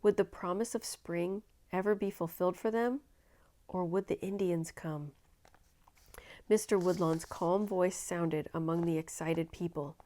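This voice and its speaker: A woman reading a children's novel aloud, narrating in an expressive, dramatic way. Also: fairly low pitch, unhurried. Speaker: storyteller. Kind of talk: children's book read-aloud.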